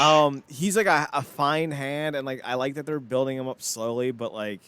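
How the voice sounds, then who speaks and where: A man's voice: mid-range voice, normal speed, sharp tone, slight background noise. A man co-hosting a casual podcast chat, rambling and blunt, swearing freely and leaning on "like.". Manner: rambling, blunt and profane, with frequent "like" fillers. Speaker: podcast co-host.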